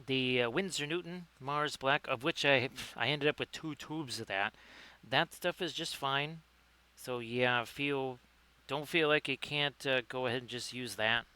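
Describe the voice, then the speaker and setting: A man's voice: mid-range voice, measured pace, sharp tone, clean tone. A man hosting a live-streamed miniature painting lesson. He talks in a chatty, upbeat way, greets viewers by name and corrects himself as he goes. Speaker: livestream host, painting tutor.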